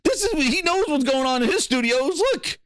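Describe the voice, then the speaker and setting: A man's voice: very high-pitched, sing-song, normal speed, a bit bright, dry recording, studio quality. A man hosting a gaming show, riffing in a profane, mocking, rambling way as casual reaction commentary.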